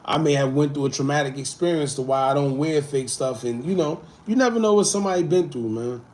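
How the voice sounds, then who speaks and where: Male stream host, casual and animated, slightly high voice, faint background noise. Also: a little fast. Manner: laid-back, animated, swings between loud and muttered asides. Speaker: livestream host. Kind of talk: casual livestream chat reading comments.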